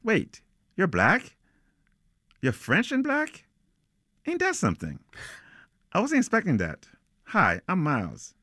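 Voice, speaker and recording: A man's voice: high voice, huge pitch swings, slow pace, pauses often, bright, forceful tone, no echo, studio quality, pitched above the performer's own voice, full character voice. A man voicing a cocky young male jazz trumpeter who talks in a breezy, slangy swagger. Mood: teasing.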